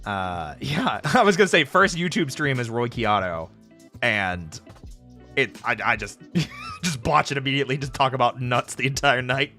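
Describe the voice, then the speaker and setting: A man streaming casually, chatting with viewers in an animated, jokey way and laughing often. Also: mid-range voice, moderate pace. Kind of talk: casual live-stream chat answering viewers. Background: faint background music.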